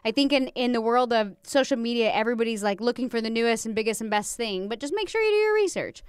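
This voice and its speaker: A woman's voice: a little high, animated, fast talker, clear, resonant tone, no room sound. A young adult woman hosting a casual podcast, a hairstylist who talks candidly, swears freely and pokes fun at herself.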